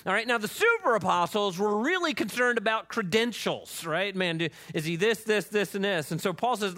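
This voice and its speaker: A man delivers a sermon as pastor with a high, bright, ringing voice. He talks to the congregation in an emphatic, conversational way, tossing in quick asides. His pitch climbs when he reads scripture aloud. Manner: animated, emphatic preaching with frequent "right?" asides.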